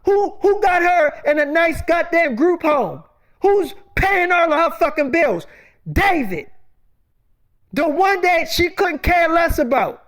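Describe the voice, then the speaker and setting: A furious aunt unloads on her in-laws in a stream of profane, rapid-fire scolding, as a woman plays her. The voice sits high. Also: big pitch swings, a bit bright, heavily acted.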